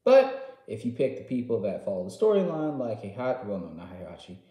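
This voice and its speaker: A man casually recapping a game story, excitable and slangy, jumping from loud outbursts to quiet asides. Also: on the low side, fairly quick. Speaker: gaming vlogger. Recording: roomy echo.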